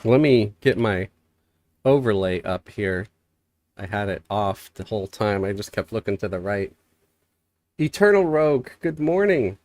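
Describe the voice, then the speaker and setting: A man's voice: on the low side, moderate pace, dry recording. A man streaming a game live, chatting casually and reading viewer messages aloud, a bit stuffy from a cold. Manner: relaxed, rambling, reads chat aloud.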